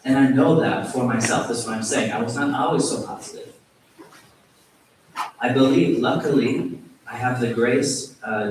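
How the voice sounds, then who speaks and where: Male yoga teacher, temple talk, self-deprecating storyteller; big hall echo, mic set far back. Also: medium pitch. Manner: self-deprecating, animated storytelling with acted quotes. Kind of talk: sermon with storytelling. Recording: very echoey hall, distant mic, faint hiss.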